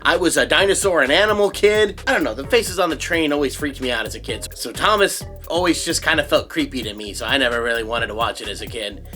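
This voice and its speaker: A man's voice: medium pitch, fast, few pauses, over music. A young adult man, a voice actor, hosting a casual video in an enthusiastic, self-mocking way. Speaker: voice actor and YouTube host. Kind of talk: casual vlog narration.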